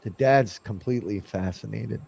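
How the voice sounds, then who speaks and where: Speaking at a normal pace in a gravelly, husky, lowish voice, this man relays a ghost story from one of his investigations in a casual way. He animatedly performs the dialogue, voicing both his own earlier lines and what others said.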